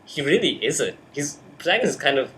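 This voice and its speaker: A man's voice: on the high side, very animated, brisk, a bit bright, slight background noise. Hyper young man chatting from his bedroom. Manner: hyper, jokey, breaks into silly put-on voices. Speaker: host. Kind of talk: casual movie chat. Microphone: webcam.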